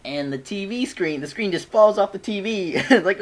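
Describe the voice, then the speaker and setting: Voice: mid-range voice, lively intonation, moderate pace. A fan reviewer chatting casually at home, rambling with frequent giggles and restarts.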